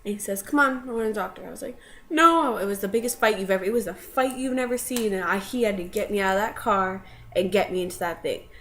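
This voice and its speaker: A woman's voice: mid-range voice, steady tone, fast talker, hardly any pauses, a little hiss or hum. A young woman casually telling a personal story to camera, rambling with many fillers. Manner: rambling, filler-heavy, with tearful laughing bursts in quotes.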